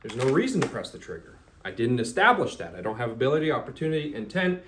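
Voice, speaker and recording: A man's voice: mid-range voice, big pitch swings, fast talker, fairly bright tone, a little hiss or hum. Casting note: male firearms instructor, mid-range voice, casual and blunt, swears now and then, acts out scenarios.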